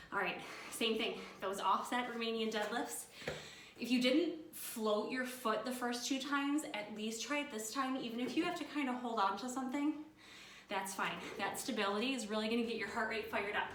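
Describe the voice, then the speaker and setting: A woman's voice: fairly high pitch, moderate pace, fairly bright tone, a little hiss or hum. A woman fitness instructor leading a workout, out of breath, counting down and cueing moves with energy. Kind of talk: workout coaching. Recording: echoey room, mic at a distance.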